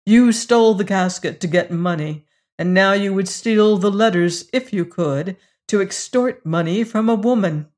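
A reader doing a sharp, contemptuous woman. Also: medium pitch, unhurried, natural voice. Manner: crisp, scornful and firm. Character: shrewd, sharp-tongued woman, contemptuous and cool. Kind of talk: audiobook character reading.

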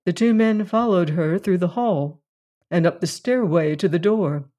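A narrator reading a classic mystery story aloud in a measured, deliberate way. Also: medium pitch, dark tone.

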